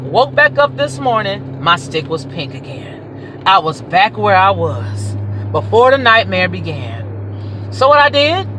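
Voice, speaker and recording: A woman's voice: mid-range voice, sing-song, unhurried, fairly bright tone, slight background noise, rough recording. A middle-aged woman, telling a story as a vlogger, emphatic and exasperated, repeating words for effect. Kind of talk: animated storytelling rant. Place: parked car.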